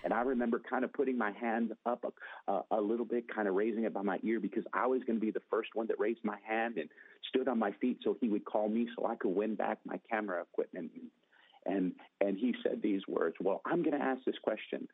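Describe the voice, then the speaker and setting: Lower-pitched male guest, storytelling testimony, lively quoted voices, narrow tinny phone-like sound. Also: fairly quick, slightly rough, no echo. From Northern California. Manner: dramatic, acts out quotes with raised pitch. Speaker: guest telling his testimony.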